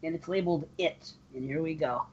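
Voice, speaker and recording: A man's voice: on the high side, brisk, slightly rough. A man hosting a podcast, reading listener emails and joking crudely in casual banter. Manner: crude, animated, laughs a lot. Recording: muffled lo-fi podcast audio.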